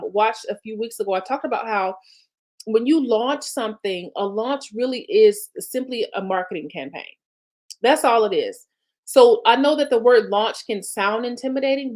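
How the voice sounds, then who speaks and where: A woman business coach, talking viewers through planning in a chatty, encouraging way. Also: fairly high pitch. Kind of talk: live-streamed coaching talk.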